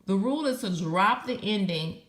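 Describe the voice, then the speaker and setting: A woman's voice: mid-range voice, lively intonation, normal speed, a bit bright, echoey room. A woman teaching a recorded Spanish lesson, patiently spelling out verb endings letter by letter.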